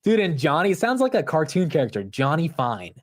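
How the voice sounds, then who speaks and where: A man's voice: sits high, big pitch swings, fast talker, darkish tone. Chatty man hosting a market stream. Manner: chatty, slangy, thinks aloud. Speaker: livestream host. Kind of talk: casual market commentary.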